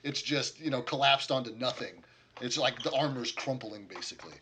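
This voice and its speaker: A man's voice: medium pitch, lively intonation, a little fast, sharp tone, slight background noise. Casual, swearing man running a tabletop game. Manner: casual, profane, rambling with fillers. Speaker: game master.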